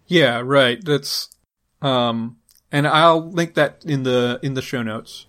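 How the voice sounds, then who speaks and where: A man's voice: medium pitch, slow, fairly bright tone. A man co-hosting a podcast, talking through a linguistics topic in a casual, hesitant way, with many fillers and restarts. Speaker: podcast co-host.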